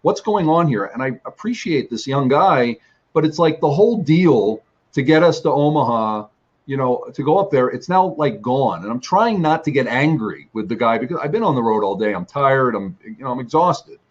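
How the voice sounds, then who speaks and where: Animated and medium-pitched, a man who teaches ministry tells a long, rambling travel testimony at a moderate pace, restarting often and using fillers. The sound quality is lo-fi.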